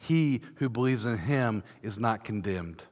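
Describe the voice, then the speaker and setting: A man preaching a sermon in a church, fervent, swelling from hushed passages to ringing declarations. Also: on the low side, expressive, a little slow. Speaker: pastor. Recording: long reverb of a large church hall.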